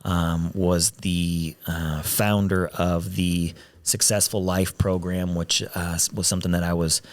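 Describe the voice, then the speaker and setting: A man's voice: sits low, little pitch movement, measured pace. A man hosting a podcast in casual chat, talking in a rambling way with frequent restarts, on a studio mic with headphones. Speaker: podcast host.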